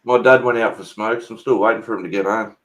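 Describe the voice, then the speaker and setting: A man's voice: fairly low pitch, steady tone, quick pace, a bit bright, rough recording. Aussie guy chatting casually, brash, cusses a lot. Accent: Australian. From Australia. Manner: swears freely, brash storytelling. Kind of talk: casual chat.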